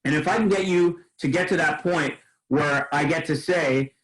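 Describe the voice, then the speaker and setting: A man running a sales training session, his voice sitting somewhat high. He coaches trainees through role-play and often restarts his sentences with repeated words. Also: fairly bright tone, poor audio. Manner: coaching, quick asides, repeats words when starting.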